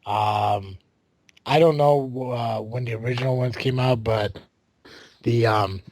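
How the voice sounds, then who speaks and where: A man's voice: mid-range voice, steady tone, takes it slowly, a little mellow, no echo. A man hosting a podcast in casual chat, rambling with fillers, swearing and laughing often. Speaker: podcast host.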